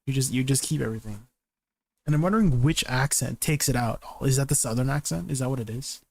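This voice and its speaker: A man's voice: mid-range voice, fast talker, creaky, a little mellow, no room sound. A man streaming a game, chatting casually, reading chat aloud and laughing often.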